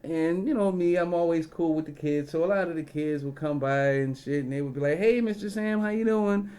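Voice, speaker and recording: A man's voice: a little high, fairly even intonation, brisk, warm tone, clear, resonant tone. A man in a casual storytelling rant, profane and rambling, full of fillers and side remarks. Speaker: vlogger.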